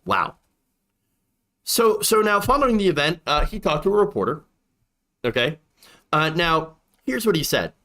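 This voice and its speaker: A man's voice: on the high side, big pitch swings, normal speed, long pauses, sharp tone. A man hosting a political commentary show, talking emphatically and repeating points for effect.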